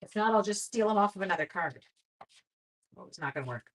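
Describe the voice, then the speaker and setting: A middle-aged woman hosting a crafting livestream, chatting casually and self-deprecatingly, often dropping to quiet mutters as she works. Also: mid-range voice, expressive, fast talker.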